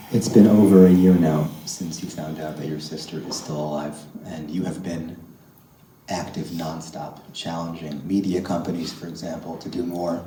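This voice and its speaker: A man with a low, dark voice asks measured questions on stage in an even, flat tone. He sounds set back from the mic in a reverberant hall. Faint room ambience sits behind him. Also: far from the mic, a little hiss or hum. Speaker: interviewer on stage. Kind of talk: moderated stage interview. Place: event hall.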